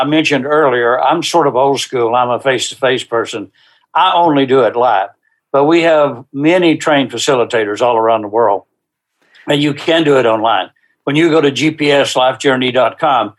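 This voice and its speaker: A man as a guest in an interview, earnestly describing the small-group workshops he leads, with unhurried, faith-driven conviction. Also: medium pitch. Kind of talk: interview answers.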